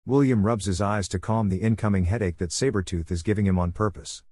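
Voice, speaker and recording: A man narrating a fan fiction story in a steady, even reading. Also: fairly low pitch, a little fast, slightly rough, no echo, clean studio sound. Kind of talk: scripted narration.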